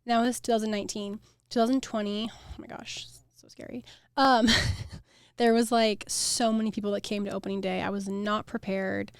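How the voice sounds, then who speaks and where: A young woman with an American accent, a flower farm owner chatting as a guest, animated and full of "like" fillers. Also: mid-range voice, moderate pace, clear, resonant tone, dry recording, studio quality. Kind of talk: casual interview chat.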